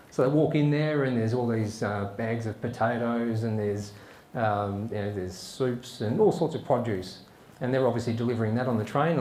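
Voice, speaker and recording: A man's voice: medium pitch, slight background noise. Man telling a joke with voices. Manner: animated storyteller who acts out characters' voices. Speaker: comedian telling jokes. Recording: roomy sound with faint ambience.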